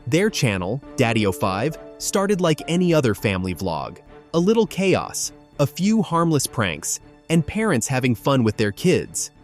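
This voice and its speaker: A man's voice: medium pitch, big pitch swings, a little slow, faint music behind. A man narrating a documentary in a critical, emphatic storytelling manner. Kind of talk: scripted narration.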